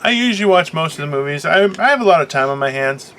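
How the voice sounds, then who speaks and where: Male co-host, bright, high voice, jokey teasing banter, light background hiss. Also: animated, fast. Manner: joking, teasing, laughs often. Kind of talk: casual comedic chat.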